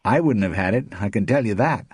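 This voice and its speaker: A man's voice: lowish voice, lively intonation, brisk, husky, no echo, clean studio sound, pitched above the performer's own voice. A man doing a bitter, sarcastic blind actor. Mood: rueful. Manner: sarcastic, mocking.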